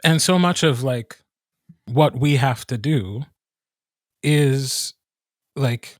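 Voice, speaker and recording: Soft-spoken man with a light Midwestern accent. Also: mid-range voice, very slow, no echo, studio quality. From American Midwest. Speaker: audiobook narrator. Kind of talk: casual panel chat.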